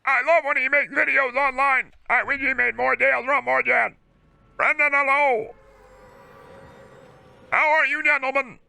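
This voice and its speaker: A man's voice: very high-pitched, fairly even intonation, measured pace, gravelly, long pauses, bright, forceful tone, no echo, voice pushed up, full character voice. A man voicing an old robotic speech synthesizer that reads a fawning fan's chat in a stiff, overly polite way. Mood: stilted.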